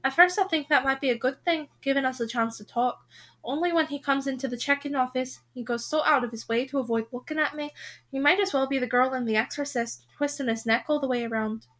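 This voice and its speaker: Bright-voiced woman reading a novel aloud. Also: high voice, brisk. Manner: expressive first-person storytelling. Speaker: reader.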